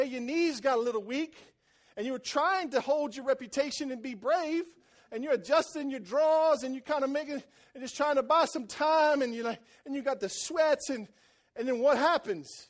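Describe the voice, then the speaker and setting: In a church sermon, this male pastor repeats phrases for emphasis, moving between soft, intense passages and loud, excited ones. His voice is very high-pitched.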